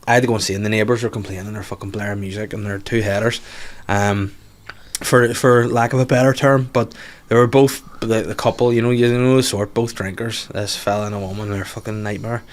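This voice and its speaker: A man with a Belfast accent, a podcast guest telling lively anecdotes in casual chat and swearing freely. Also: lowish voice, a little fast. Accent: Northern Irish, Belfast.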